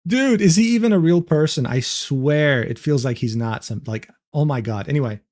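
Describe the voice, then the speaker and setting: A man's voice: fairly high pitch, expressive, normal speed, hardly any pauses, darkish tone. A young man reacting to a clip on stream, incredulous and swearing, breaking into laughter often. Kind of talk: casual reaction commentary.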